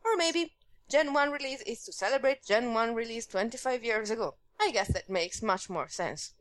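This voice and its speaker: A woman's voice: fairly high pitch, lively intonation, normal speed, fairly bright tone, no echo. A woman voicing a listener's email in a put-on Russian accent, clipped and dropping articles, reading it aloud on a podcast. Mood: mock-earnest. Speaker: podcast co-host.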